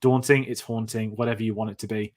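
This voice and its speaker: A man's voice: on the low side, little pitch movement, fast talker. A man hosting a film-review podcast, rambling and restarting as he talks. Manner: chatty, rambling, restarts often. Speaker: podcast host. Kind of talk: casual film-review chat.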